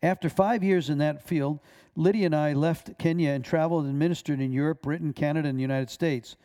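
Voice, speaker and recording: A man who is a minister, reading a personal testimony aloud in a measured way, with small stumbles. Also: on the high side, fairly even intonation, dark tone.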